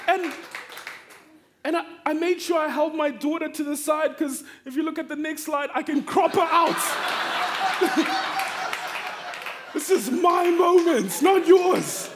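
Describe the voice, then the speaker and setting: High-voiced animated male preacher. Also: a little hiss or hum. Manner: animated storyteller, swings from hushed to shouting. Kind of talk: sermon with personal storytelling.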